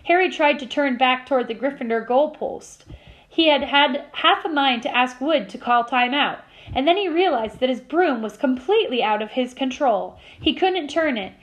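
A woman teacher reading a novel aloud to her class with expressive storytelling. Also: sits high, normal speed, low-quality recording.

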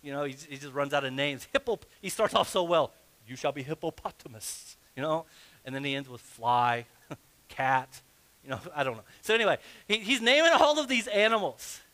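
A male pastor delivers a sermon in a church, his voice sitting high and sounding bright and forceful. He reads scripture aloud, then breaks into playful asides and acts out the story with humor. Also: big pitch swings, a little fast. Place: church sanctuary.

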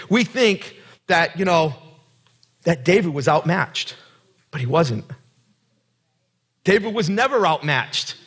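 Bright, high-voiced male pastor preaching. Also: expressive, slow pace, pauses often, breathy edge. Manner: earnest, conversational preaching with direct questions to the congregation. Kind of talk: sermon.

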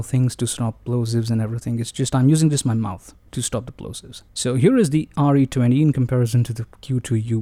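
A man reviews microphones at close range in a playful, self-mocking way, often addressing his audience as ladies and gentlemen. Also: mid-range voice, no room sound. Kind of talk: casual gear review monologue. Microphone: close-up dynamic microphones, about three inches away.

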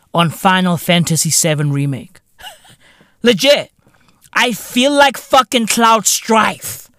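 A man hosting a podcast, ranting in a profane, excitable way and calling the listener bruv. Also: high voice, no room sound, clean studio sound. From South Africa. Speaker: podcast host. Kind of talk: ranting monologue.

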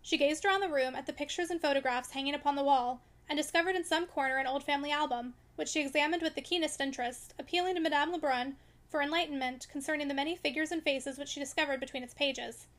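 Woman reading aloud a classic novel, high voice, quick pace, expressive, audiobook narration. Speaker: audiobook reader.

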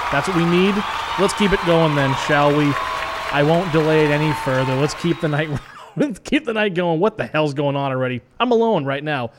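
A male radio DJ, rambling casually and joking about himself between songs in a small studio. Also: medium pitch. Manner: rambling, self-joking, loose. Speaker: radio DJ host. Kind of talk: casual live radio chat.

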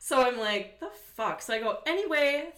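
A young woman tells a wild story with lots of energy and plenty of swearing, her words packed with "like". Her voice is bright and clear. The room around her has a noticeable echo. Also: on the high side, normal speed. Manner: animated, profane, many "like" fillers. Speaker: podcast guest. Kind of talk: casual storytelling chat.

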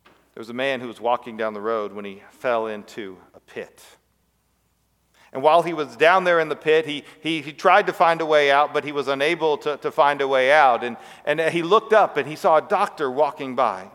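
A pastor preaching a sermon, telling a parable and letting his voice sink to a hush on the words he stresses. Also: a little high, normal speed. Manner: storytelling, dropping to a hush on key words. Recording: long reverb.

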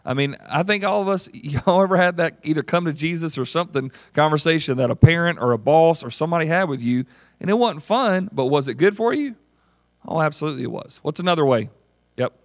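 A man preaching a sermon in a conversational, animated way, often putting questions to the congregation. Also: a little high, a little fast, no echo. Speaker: pastor.

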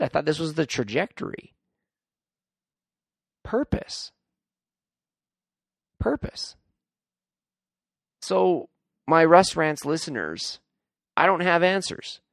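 A man's voice: medium pitch, vocal fry, no room sound, clean studio sound. A man hosting his own solo podcast, talking in an earnest, rambling, heartfelt way, with a tired, groggy voice. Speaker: podcast host.

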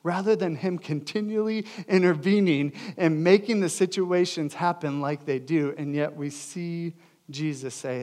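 A young adult man preaching a sermon as pastor, earnest and emphatic, swinging between loud and hushed delivery. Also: a little high, measured pace.

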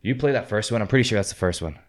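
A man with a lowish voice talks fast and bluntly, swearing freely as he tells stories in a relaxed podcast chat. His delivery is rough, animated and plainspoken. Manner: profane, blunt, animated storytelling. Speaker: podcast host, former Marine. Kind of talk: casual storytelling chat.

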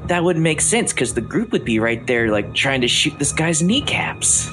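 A man narrating a tabletop game as game master, a lively storyteller who often restarts his sentences. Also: a little high, moderate pace, rough recording. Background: background music.

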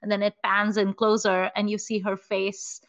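A woman co-hosting a podcast, retelling a film scene in a casual, animated way full of "like" and "you know". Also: medium pitch, moderate pace. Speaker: podcast co-host.

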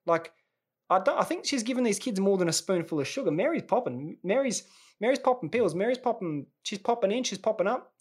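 A man's voice: sits high, expressive, brisk, breathy edge. A man, hosting a podcast in a rambling, jokey monologue that often restarts mid-sentence. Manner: rambling, self-interrupting, jokey. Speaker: podcast host. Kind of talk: casual comedic monologue.

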